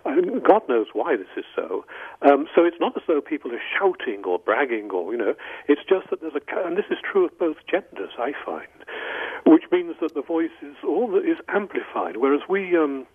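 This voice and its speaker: An English author speaking as a radio guest, in standard English with a faint northern lilt, musing and hesitant, with many fillers. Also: male voice, fairly high pitch, big pitch swings, moderate pace, slightly rough, no room sound. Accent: standard English with a slight northern lilt. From England. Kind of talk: radio call-in interview. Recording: dry phone-line audio.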